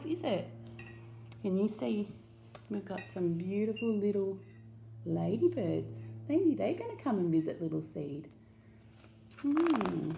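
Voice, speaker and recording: A woman with an Australian accent reading a picture book aloud to children, animated and asking them questions. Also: a little high, creaky. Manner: animated, asks listeners questions. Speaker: children's story reader.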